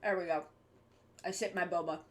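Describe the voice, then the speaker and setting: A woman's voice: lowish voice, steady tone, fairly quick. A young woman streaming live, chatting casually with her viewers while she draws, rambling and swearing offhandedly.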